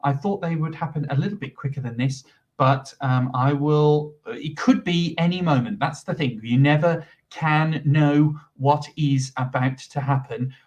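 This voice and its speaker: A man's voice: a little high, a little slow, darkish tone, recorded from a distance, muffled recording. A man giving live commentary on a proceeding and explaining what is happening while he waits for it to move on. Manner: explanatory, filling time while waiting. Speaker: livestream commentator.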